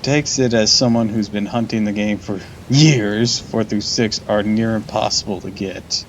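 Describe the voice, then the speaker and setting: A man's voice: lowish voice, fairly even intonation, a little slow, slight background noise, poor audio. A man streaming a game live, chatting casually, laughing often and swearing.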